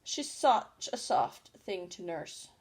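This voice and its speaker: A woman's voice: lowish voice, sing-song, slow pace, breathy edge, full character voice. A woman voicing a polite, curious young girl in a storybook reading, chatty and eager, often talking half to herself. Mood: soothing.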